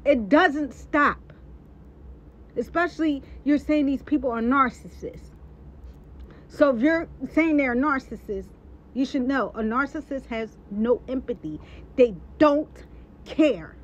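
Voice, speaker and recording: A woman's voice: sits high, takes it slowly, a little hiss or hum. A woman giving a heated, emphatic rant and repeating her points for stress. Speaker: social media personality. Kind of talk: impassioned live-stream rant. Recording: dull lo-fi sound.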